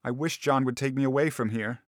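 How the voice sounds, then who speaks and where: A man giving a scripted narration of a classic story, measured and deliberate, into a studio microphone. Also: mid-range voice, dry recording. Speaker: audiobook narrator.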